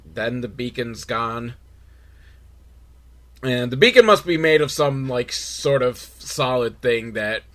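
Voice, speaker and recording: A man's voice: on the high side, a bit bright. A man hosting a comedic podcast, recapping a film with sarcastic, rambling asides. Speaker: podcast host.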